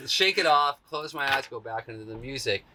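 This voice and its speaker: A man's voice: mid-range voice, fairly quick, a little hiss or hum. A man telling a long personal story in a casual, slangy way, acting out what people said in a raised voice. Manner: animated, acts out quotes in a raised voice; laid-back, slangy. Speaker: interview guest.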